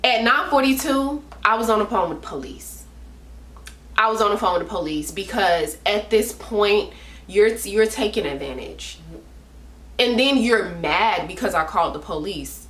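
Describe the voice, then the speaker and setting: A woman's voice: mid-range voice, expressive, a little slow, fairly bright tone, roomy sound. A woman telling a personal story in a casual storytime vlog, talking emphatically with slang and repeating herself for stress. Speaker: vlogger.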